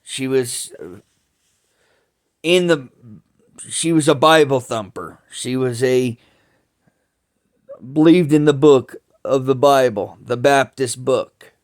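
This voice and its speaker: Slow, rambling man with a smooth voice. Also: mid-range voice. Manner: slow, halting, with many restarts and cursing. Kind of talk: rambling family storytelling.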